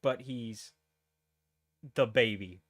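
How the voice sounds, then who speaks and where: An American man with a medium-pitched voice speaks slowly as a podcast co-host. The chat is casual and rambling, with many fillers and restarts.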